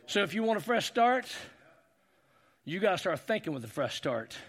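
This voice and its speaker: A middle-aged man preaching a sermon as pastor, building to shouted, repetitive exhortations. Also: high-pitched, very animated, moderate pace.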